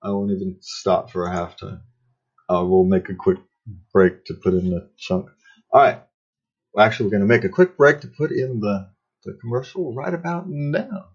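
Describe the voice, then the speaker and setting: Older guy with a husky low voice, rambly podcast host, kinda dull lo-fi sound. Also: normal speed. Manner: rambling, chuckles often. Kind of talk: casual podcast chat.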